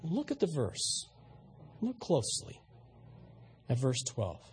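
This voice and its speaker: A man's voice: medium pitch, wildly swooping pitch, takes it slowly, darkish tone, a little hiss or hum. A male pastor preaching a sermon, emphatic and questioning his audience, with frequent repeated words.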